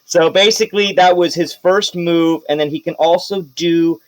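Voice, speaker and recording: A man narrating a tabletop game as game master, casual and lively. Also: on the high side, moderate pace, no echo, rough recording.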